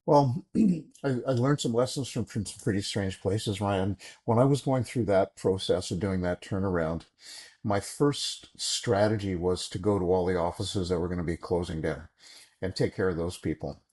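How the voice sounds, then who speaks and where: A middle-aged man with a deep, husky voice tells stories from his career as a podcast guest. He is animated and slips into the voices of the people he quotes. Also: normal speed. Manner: animated anecdotes, acts out quoted dialogue. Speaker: podcast guest, former executive. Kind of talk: conversational storytelling.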